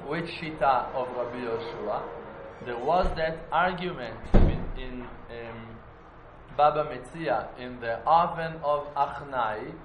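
A man teaching a Talmud class in an animated way, at times slipping into a chanting study singsong. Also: fairly high pitch, a little hiss or hum. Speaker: Torah teacher. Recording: roomy echo, faint ambience.

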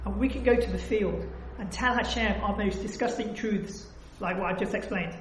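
A woman's voice: medium pitch, normal speed, slight background noise. A woman leading a religious study discussion, talking emphatically and acting out heartfelt prayers. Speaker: religious teacher. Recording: echoey room.

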